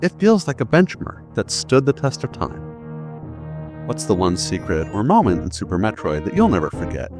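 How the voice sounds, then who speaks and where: Male narrator, deep voice, animated delivery; scripted video essay with emphatic punchlines, faint music bed. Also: moderate pace. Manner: emphatic, building to punchy statements. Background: faint background music.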